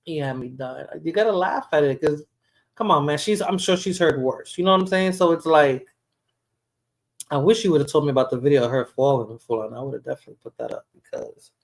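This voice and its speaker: A woman's voice: deep voice, fast talker. A woman hosting a livestream, chatting casually and laughing while reacting to a clip. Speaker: livestream host.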